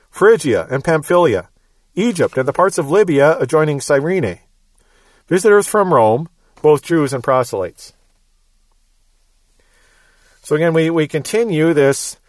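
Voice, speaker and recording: A man's voice: a little high, dry recording. Midwestern man teaching Bible verse by verse. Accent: Midwestern American. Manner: explanatory, repeats words, light chuckles.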